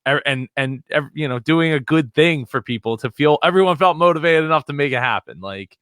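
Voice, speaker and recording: A man's voice: on the high side, lively intonation, brisk, a bit bright, no room sound, studio quality. A man hosting a podcast in casual chat, talking with enthusiasm and many restarts. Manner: chatty, lots of restarts, enthusiastic. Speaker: podcast host.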